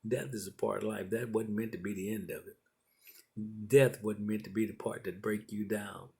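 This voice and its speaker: A middle-aged man preaches in a low, gravelly voice with a husky edge. He builds his sermon through repeated, encouraging phrases in a steady preaching cadence. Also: normal speed.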